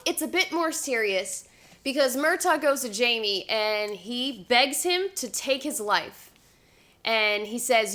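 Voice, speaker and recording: A woman's voice: a little high, lively intonation, a little slow, pushed and bright. A woman hosting a vlog, chatting casually as she compares a book with its show and retells the plot with easygoing hedges. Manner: retells plot conversationally with hedging fillers.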